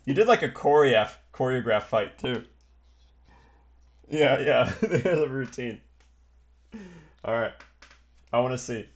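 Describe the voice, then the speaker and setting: A man's voice: mid-range voice, lively intonation, measured pace, long pauses, lo-fi sound. A man narrating as game master for a tabletop game, rambling and stringing his descriptions together with many fillers and hedges.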